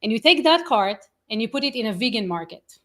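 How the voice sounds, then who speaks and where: A woman guest in a casual interview, telling stories with lively acted-out quotes and frequent laughs. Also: a little high, fairly quick. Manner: animated storyteller, acts out quotes, laughs often.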